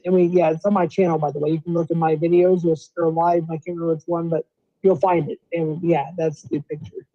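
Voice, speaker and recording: A high-pitched man hosting a livestream and chatting casually. His voice is mellow and dark in tone, and the audio has a dull, lo-fi quality. He rambles and cuts in often. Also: steady tone, no echo. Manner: loose, rambling, quick to interrupt. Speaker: livestream host.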